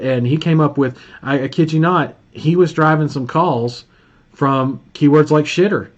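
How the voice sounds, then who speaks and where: A man's voice: on the high side, normal speed, darkish tone. A man with a Southern Alabama accent hosting a casual marketing call, telling stories in a folksy way and laughing often. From Birmingham, Alabama. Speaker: host of a marketing live call. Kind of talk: casual coaching chat. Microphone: video call. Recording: dull lo-fi call audio.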